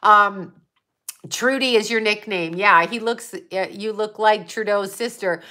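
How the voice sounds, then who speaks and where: Unhurried and medium-pitched, with a pushed, bright sound, a woman from around Buffalo, US hosts a casual livestream. She rambles, swears, and reads chat comments aloud as she responds to them.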